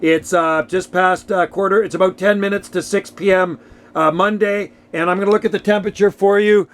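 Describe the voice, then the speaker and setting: High-voiced and brisk, this Canadian man keeps a steady tone while chatting over ham radio from his home radio shack. He's friendly and casual, sprinkling in plenty of radio lingo.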